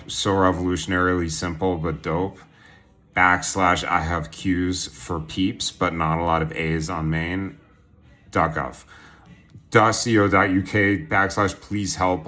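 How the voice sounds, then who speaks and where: A man's voice: deep voice, fairly bright tone. A man talking in a rambling, jokey monologue from his bathtub into a phone camera, with lots of "um"s and restarts. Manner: meandering, jokey, many "um"s and restarts. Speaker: vlogger. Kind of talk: rambling stream-of-consciousness monologue.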